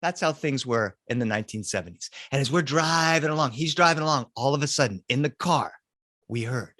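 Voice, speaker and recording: A man telling a spooky story for children, animated, swinging between loud cries and hushed lines. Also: mid-range voice, a little fast, no echo, clean studio sound.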